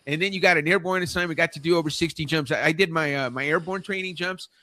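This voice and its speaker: Upbeat host, bright dry voice. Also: male voice, fairly high pitch, quick pace, no echo. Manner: enthusiastic, encouraging. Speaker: podcast host. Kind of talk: casual interview.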